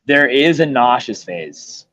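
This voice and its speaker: A man's voice: medium pitch, expressive, slow, a bit bright, no room sound. A young man in casual chat, telling a rambling story with hesitations and restarts. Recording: dull lo-fi recording.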